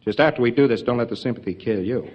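A man's voice: mid-range voice, fast, breathy edge, dull audio. A man giving an informal lecture to trainees in a folksy, emphatic way, with joking asides.

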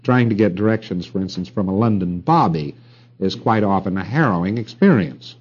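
A middle-aged man lectures in a low, mellow voice, wandering from point to point with wry asides and rhetorical questions to the room. The recording is a dull, muffled old tape. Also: expressive, a little fast, breathy edge.

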